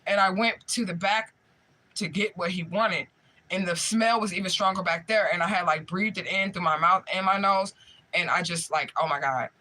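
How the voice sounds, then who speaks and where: A young man telling a profane, animated story in casual chat, often laughing as he retells it. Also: high voice, moderate pace. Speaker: spiritual medium livestream host.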